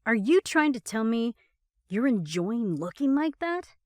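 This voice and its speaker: A woman voicing a hot-tempered young man who barks and yells in frustration. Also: fairly high pitch, sing-song, measured pace, no room sound, clean studio sound, pitched above the performer's own voice. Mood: cross. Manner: cross, barking, yelling.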